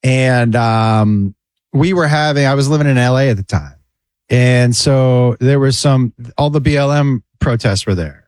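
A man's voice: medium pitch, measured pace, clear, resonant tone, no echo. A man, a stand-up comedian, telling an anecdote in casual radio chat and acting out the people in it. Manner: animated, acts out voices in anecdotes. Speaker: comedian guest.

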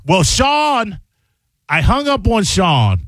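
A man's voice: high voice, wildly swooping pitch, slow pace, a bit bright, no echo, clean studio sound. A man hosting a radio show, running teasing banter and laughing often. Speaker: radio host.

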